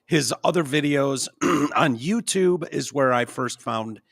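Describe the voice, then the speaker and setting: A man hosting a podcast in casual chat, halting with fillers and frequent throat-clearing. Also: medium pitch, a bit bright, no room sound, studio quality. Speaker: podcast host.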